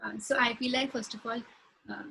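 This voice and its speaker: A woman's voice: fairly high pitch, steady tone, normal speed, vocal fry, pushed and bright, a little hiss or hum, low-quality recording. A woman speech therapist answering clinical questions in casual conversation, explaining with examples and acting out short phrases as she would say them to a child. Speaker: speech-language pathologist.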